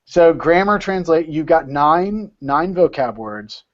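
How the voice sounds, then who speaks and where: A man's voice: a little high, expressive, takes it slowly, highs cut off. A man leading an informal study session over a video call, explaining step by step and repeating words as he thinks.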